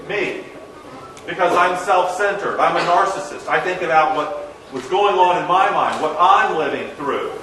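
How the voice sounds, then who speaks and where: A middle-aged man from the American South giving a motivational talk, telling a story in a lively way and acting out the dialogue. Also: on the high side, normal speed, a little hiss or hum. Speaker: motivational speaker. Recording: echoey hall, distant mic.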